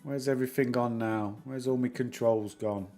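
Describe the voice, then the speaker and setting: A middle-aged man with a Northern English accent, talking casually on a livestream in a mid-pitched voice. He rambles from one aside to the next, mocking himself as he goes, while soft chill music plays in the background. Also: steady tone, moderate pace. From England. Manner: chatty, rambling, self-mocking jokes. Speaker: livestream host.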